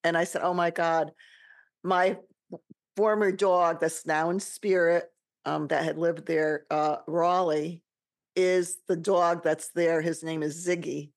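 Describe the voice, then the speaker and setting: A woman's voice: on the low side, steady tone, slow pace. A woman hosting a podcast, sharing a personal story in casual chat, often laughing through it. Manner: chatty, laughs often, emotional. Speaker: podcast host.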